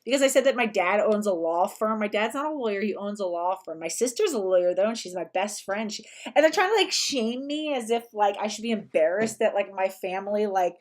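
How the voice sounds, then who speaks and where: A woman's voice: mid-range voice, lively intonation, a little fast, few pauses. A young woman hosting a casual livestream, talking in a chatty, sarcastic way with lots of "like" fillers. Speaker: livestream host.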